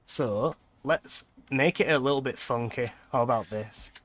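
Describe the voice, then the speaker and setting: Bright-voiced man streaming a game. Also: medium pitch. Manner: chatty, quick to laugh. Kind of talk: casual gameplay commentary.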